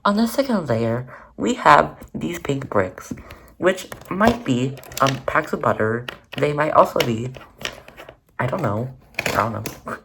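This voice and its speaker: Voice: medium pitch, expressive, takes it slowly, vocal fry, background noise. A crafting vlogger narrating their own paper project in a rambling, chatty, self-mocking way. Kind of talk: casual narrated crafting vlog.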